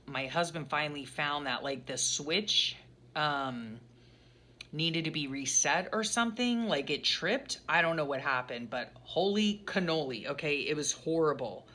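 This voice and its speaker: Bright-voiced chatty middle-aged woman. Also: low voice. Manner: chatty, rambling, pauses to recall. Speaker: journaling vlogger. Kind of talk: casual flip-through ramble.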